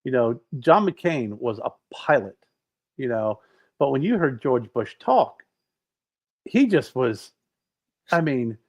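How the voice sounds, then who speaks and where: A middle-aged man chats casually as a podcast co-host, his voice sitting at an ordinary middle pitch. He rambles through his stories with lots of restarts and circling back, animated but loose. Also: takes it slowly, pauses often. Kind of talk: casual chat.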